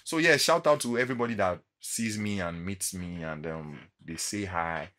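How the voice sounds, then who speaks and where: A man's voice: sits low, moderate pace, a little hiss or hum. A man with a Nigerian accent, vlogging in a casual monologue and acting out encounters as he tells them. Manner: animated storytelling, acting out encounters.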